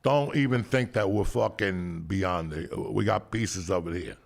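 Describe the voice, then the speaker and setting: A man's voice: low voice, unhurried, gravelly. A man from New Jersey hosting a podcast, telling stories in a blunt, profane rant. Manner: animated, blunt, swears heavily, ranting. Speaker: podcast host. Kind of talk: casual profane storytelling.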